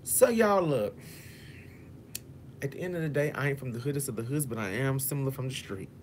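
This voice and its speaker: A man's voice: mid-range voice, fairly quick, noisy background. A man telling a story to his viewers, cursing freely and acting out what each person said. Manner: profane, dramatic, addresses viewers as y'all; acts out quotes in shifting voices. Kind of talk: animated storytime vlog.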